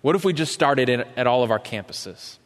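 A man preaching a sermon as a pastor, impassioned and questioning, swinging from loud to hushed. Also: mid-range voice, lively intonation, fairly quick. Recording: long hall reverb.

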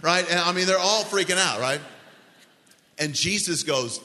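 A man preaching a sermon as pastor, telling the story with animated voices for panicked disciples. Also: high voice, a little slow, pauses often. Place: church sanctuary. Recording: long reverb of a large hall.

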